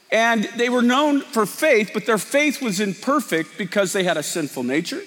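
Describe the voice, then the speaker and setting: A man's voice: sits high, a bit bright, big-room sound. A man preaching a sermon as pastor, talking in a conversational, emphatic way.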